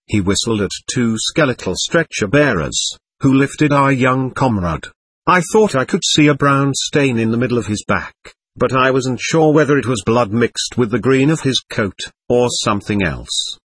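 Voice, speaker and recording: A man giving measured, vivid first-person narration of an audiobook. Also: mid-range voice, animated, a bit bright, slightly rough.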